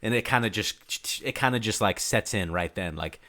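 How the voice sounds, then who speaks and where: A young man co-hosting a relaxed podcast. He talks in a slangy, joking, laid-back way. His voice is on the low side but comes across bright and forceful, with a slightly tense edge. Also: normal speed. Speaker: podcast co-host. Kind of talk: casual movie-review chat.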